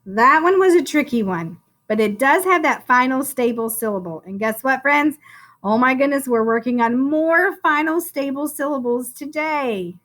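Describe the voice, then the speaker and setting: A woman leads a phonics lesson for young children, stretching out each sound as she spells words aloud. Her voice is bright and fairly high, and it swoops up and down in an encouraging, sing-song way. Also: expressive. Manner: slow, drawn-out sounding out of words. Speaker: first-grade teacher.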